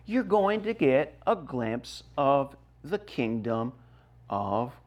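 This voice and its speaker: A man's voice: mid-range voice, sing-song, slow pace, lo-fi sound. Emphatic middle-aged male pastor preaching. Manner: emphatic preaching with wide swings in loudness. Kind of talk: sermon.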